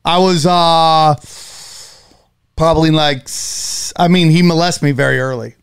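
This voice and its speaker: A man's voice: a little high, steady tone, unhurried, clean tone, dry recording, clean studio sound. A man, a comedian guest on a podcast, talking bluntly and joking with plenty of swearing. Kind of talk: casual podcast chat.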